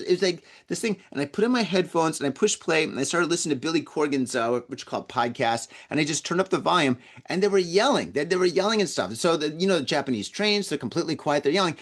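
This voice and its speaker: Male podcast host with a fairly high voice, rambling casual anecdote, stumbles and repeats himself. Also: a bit bright. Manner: rambling, repeats words, acts out quoted voices. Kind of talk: casual storytelling monologue. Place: lives in Tokyo.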